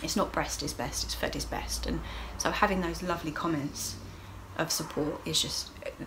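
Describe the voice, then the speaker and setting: A middle-aged woman vlogger talks openly and emotionally in a casual video diary, chatty and laughing often. Her voice is low with a steady tone at normal speed, and there's background noise.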